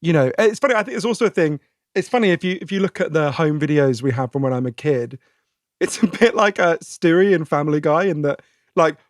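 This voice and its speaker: A posh British man in his forties talks as a podcast guest, chatty and animated, breaking into laughs and circling back mid-sentence. His voice sits fairly high for a man. The close mic leaves the sound dry with no room around it. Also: brisk, no room sound. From Britain. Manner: chatty and animated, laughs often, many fillers and restarts. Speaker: guest author. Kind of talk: conversational interview answers.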